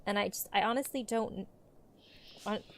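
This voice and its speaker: A woman's voice: medium pitch, normal speed, creaky, slight background noise. A woman hosting a let's play, giving casual, rambling commentary with the odd swear. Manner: chatty, rambling asides with swearing.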